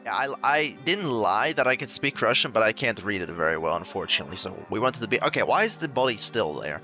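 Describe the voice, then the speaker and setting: A man's voice: fairly low pitch, big pitch swings, fast talker, bright, forceful tone, highs cut off. A man hosting a gaming channel, casually commenting as he plays a horror game, rambling and swearing now and then. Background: game music.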